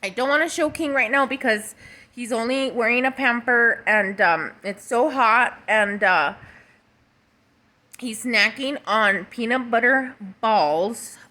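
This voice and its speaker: A woman's voice: a little high, slow pace, sharp tone. A woman giving a casual, emotional vlog update as a mother, swearing freely and talking straight to her viewers. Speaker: mother and vlogger.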